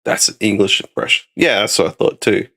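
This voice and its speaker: A man's voice: fairly low pitch, fairly even intonation, fairly quick, fairly bright tone. A man with an Australian accent, hosting a loose, rambling casual chat stream and swearing now and then. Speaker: streamer host.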